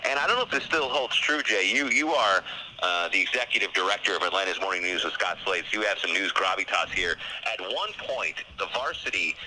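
A man hosting a radio show, telling a story with a lively voice that swings up and down in pitch. The broadcast carries a noticeable layer of background hiss. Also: brisk. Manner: animated, excited storyteller. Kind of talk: casual storytelling chat.

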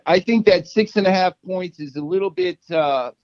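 Playful man with a higher voice. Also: normal speed, a little mellow, dry recording, muffled recording. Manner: playful, laughs a lot, jokey asides. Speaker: podcast co-host. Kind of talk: casual sports chat.

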